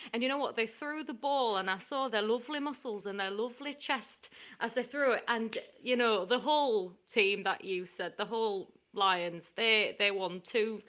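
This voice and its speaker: A blustering old northern boomer sports reporter, played by a woman in an improv comedy game. The put-on northern English accent sits on a bright, forceful voice pitched a touch high, and the rants about the good old days come out gruff and old-fashioned.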